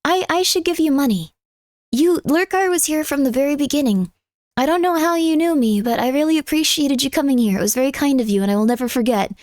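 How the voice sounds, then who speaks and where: A woman's voice: high-pitched, quick pace, a little mellow, no room sound, studio quality. A young adult woman streamer chatting casually with her viewers in a rambling, talkative way. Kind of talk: casual live-stream chat.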